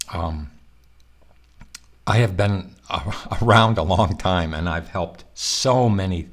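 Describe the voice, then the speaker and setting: Low-voiced male professor with morning voice. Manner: conversational, reassuring, with fillers and restarts. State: morning voice, clearing throat. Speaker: college professor. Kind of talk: recorded online course walkthrough.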